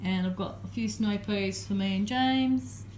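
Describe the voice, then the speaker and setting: A woman in her thirties with an Australian accent narrates a daily vlog from her home kitchen, chatty and rambling with lots of fillers. Her mid-range voice is measured with a darkish tone, and there's a little hiss or hum.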